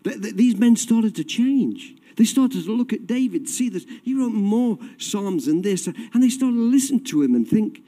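A man preaching a sermon with passion, swinging from loud cries to quiet, low tones. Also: expressive, normal speed, hardly any pauses. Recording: long hall reverb.

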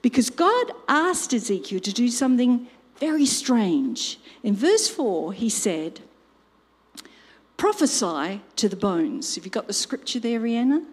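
A woman's voice: a little high, big pitch swings, normal speed, husky. An older woman preaching a sermon, telling a family story and acting out quotes and sound effects. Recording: long hall reverb.

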